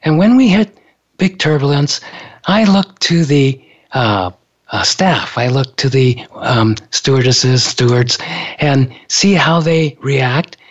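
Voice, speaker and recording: A man telling a story in a relaxed, casual way, laughing often between thoughts. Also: mid-range voice, takes it slowly. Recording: dull lo-fi sound.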